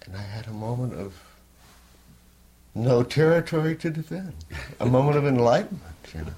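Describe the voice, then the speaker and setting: An older man telling a personal story in a candid, rambling way, at times sinking to a soft near-whisper. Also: mid-range voice, very animated, moderate pace. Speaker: interviewee.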